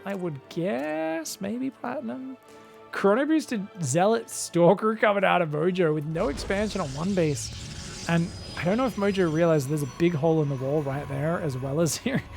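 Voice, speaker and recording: High-voiced excitable male game caster. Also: gravelly. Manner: excitable, joking, laughs often. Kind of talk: casual replay commentary.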